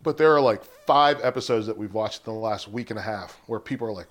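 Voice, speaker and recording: A man co-hosting a podcast in casual chat, rambling through stories with bursts of high laughter. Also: fairly quick. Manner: rambling, animated storytelling with high-pitched laughs. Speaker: podcast co-host.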